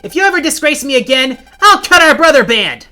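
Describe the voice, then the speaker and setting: A man's voice: extremely high pitch, very animated, fairly quick, pushed and bright, exaggerated voice. A man voicing a bossy young schoolgirl class president who scolds imperiously. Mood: scornful.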